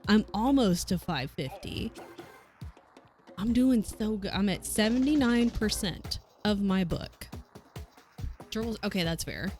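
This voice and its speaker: Southern-accented woman streamer, loose and profane, chatting over soft background music. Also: medium pitch, lively intonation, measured pace, long pauses. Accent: Southern US, softened. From American South. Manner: swears freely, chatty, laughs often. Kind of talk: casual chat while coworking. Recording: faint music behind.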